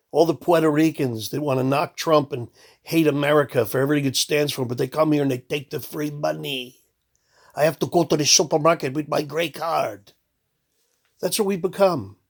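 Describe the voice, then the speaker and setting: A man's voice: a little high, creaky. A man delivering a blunt, contemptuous political rant full of sarcasm. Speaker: political commentator. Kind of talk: ranting monologue.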